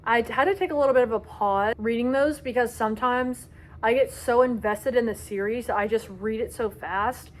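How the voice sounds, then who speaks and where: Young woman book vlogger, dramatic and gushing, a touch high-voiced. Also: moderate pace. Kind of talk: casual book review vlog.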